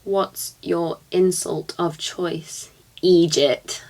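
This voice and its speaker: A woman's voice: lowish voice, fairly bright tone. A young woman from near Liverpool, reading quiz questions aloud and chatting about her answers. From northwest England, near Liverpool. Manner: chatty, thinking aloud, quick laughs. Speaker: vlogger.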